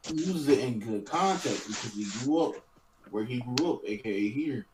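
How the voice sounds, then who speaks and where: A man's voice: medium pitch, expressive, normal speed, a little mellow. Laid-back man on a roomy call mic. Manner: laid-back, slangy, hesitant. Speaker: podcast co-host. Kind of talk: casual podcast chat. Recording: roomy mic with faint noise.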